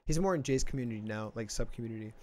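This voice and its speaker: A man's voice: mid-range voice, rapid-fire, a little mellow, slight background noise. A young man from Texas hosting a casual podcast chat, rambling with lots of fillers and restarts. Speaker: podcast host.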